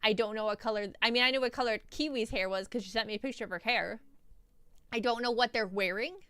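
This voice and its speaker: Young woman streamer, high sparkly voice, super dry close mic, rambly storytime w lots of giggles. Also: fast, clear, resonant tone, dry recording. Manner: animated, rambling, laughs often. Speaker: vtuber streamer. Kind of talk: casual storytelling recap.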